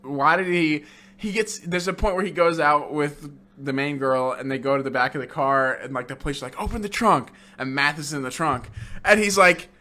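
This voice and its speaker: A man's voice: on the high side, a little fast, bright, forceful tone. A young man co-hosting a podcast, recapping freely with lots of swearing and acting out quoted lines. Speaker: podcast co-host. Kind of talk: casual chat.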